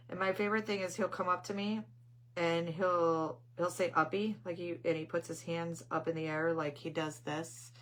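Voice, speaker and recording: A woman's voice: medium pitch, a bit bright. A middle-aged woman hosting a craft channel, chatting casually on a live stream and telling rambling family stories. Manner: greets viewers mid-story.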